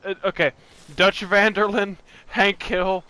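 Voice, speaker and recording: A man's voice: high-pitched, flat delivery, unhurried, pushed and bright, smooth, dry recording. A young man hosting a gaming channel, chatting casually while he plays, rambling and laughing often as he restarts his sentences. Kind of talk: casual let's-play chat.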